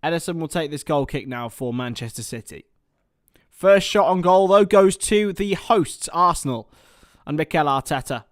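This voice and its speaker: A man doing chatty live football commentary for a watchalong stream, excitable and talking to his viewers. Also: fairly high pitch, no echo, studio quality.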